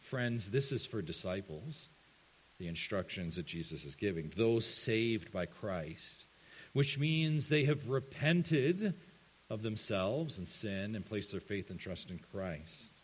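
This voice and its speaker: A man preaching a sermon to his church, earnest, dropping to hushed tones and rising to emphatic ones. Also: fairly low pitch, animated, slow pace, breathy edge. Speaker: pastor.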